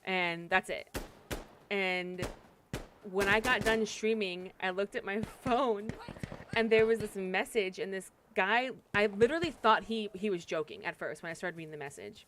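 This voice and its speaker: A woman's voice: mid-range voice, a bit bright, a little hiss or hum. A young adult woman streaming a game, telling stories in blunt, profane casual chat with frequent laughs. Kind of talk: casual chat while gaming.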